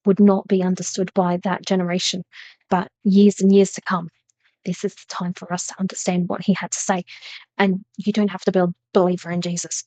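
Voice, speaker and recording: A woman reads tarot messages for her viewers in an earnest, emphatic way, often circling back to repeat a phrase. Her voice sits at a middle pitch. The sound is dry and close, with no room echo. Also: dark tone. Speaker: tarot reader. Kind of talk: spiritual reading to camera.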